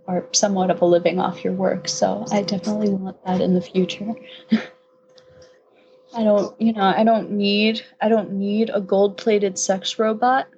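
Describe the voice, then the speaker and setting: A young woman from upstate New York chats as a guest, rambling through her thoughts with frequent giggles. Her pitch sits in a middling range. A faint hum runs under the recording. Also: darkish tone, dull audio. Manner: giggly, rambling, laughs often. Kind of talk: casual podcast conversation.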